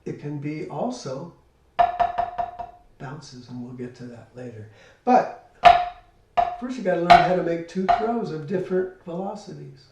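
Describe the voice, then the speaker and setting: A man's voice: on the high side, expressive, measured pace, over loud music. An older man giving a spoken drum lesson, explaining step by step and counting rhythms aloud. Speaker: drum teacher. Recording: echoey room, distant mic, loud hiss.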